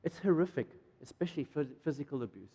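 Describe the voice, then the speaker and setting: A middle-aged man, preaching a sermon in an animated way and acting out quotes. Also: fast talker, creaky, breathy edge. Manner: animated, jumps to loud high emphasis and acts out quotes. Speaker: pastor. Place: church hall. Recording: reverberant church hall.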